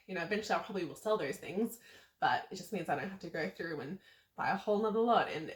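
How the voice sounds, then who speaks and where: A pregnant woman in her twenties, slightly out of breath, chatting to camera with lots of ums and small laughs. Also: lowish voice. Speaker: vlogger. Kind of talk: casual talk to camera. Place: seated indoors. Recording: roomy echo.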